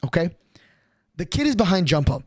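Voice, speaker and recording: A young man streaming, telling a long story in an excitable, profane way and acting out the other people's lines. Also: sits high, a little fast, husky, dry recording. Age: young adult.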